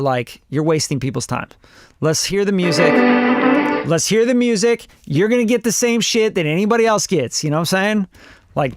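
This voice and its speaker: A man reviewing listeners' songs live, talking fast and casually with plenty of swearing. His voice sits a little high and sounds dry and close, with almost no room around it. He keeps slipping into mocking voices to make his point. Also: no room sound. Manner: blunt, profane, animated, mimics voices. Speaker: music producer reviewing songs. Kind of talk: casual live-stream feedback.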